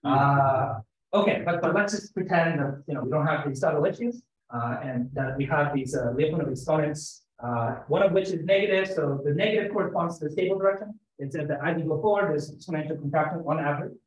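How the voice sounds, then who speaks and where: A man's voice: a little high, fairly quick. A man giving a mathematics seminar talk, explaining step by step and thinking aloud as he goes. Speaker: lecturer. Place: seminar room. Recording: echoey lecture room, slightly dull sound.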